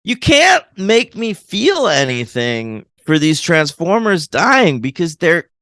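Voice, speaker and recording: A man co-hosting a casual film review podcast, animated and laughing often as he pokes fun at movie lines. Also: a little high, takes it slowly, no room sound. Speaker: podcast co-host.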